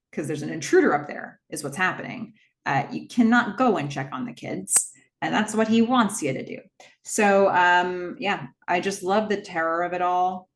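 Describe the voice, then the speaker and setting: A woman casually retelling a horror film scene by scene, dropping her voice to quote the characters' dialogue. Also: on the low side. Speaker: movie recap host. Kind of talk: casual film recap narration.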